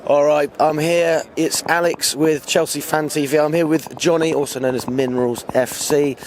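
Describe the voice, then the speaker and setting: A man hosting a fan channel, calmly chatting with fans outdoors and asking questions. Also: fairly high pitch, moderate pace, a little hiss or hum. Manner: calm, agreeable, asking questions. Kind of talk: casual fan interview. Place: outdoors on a city street.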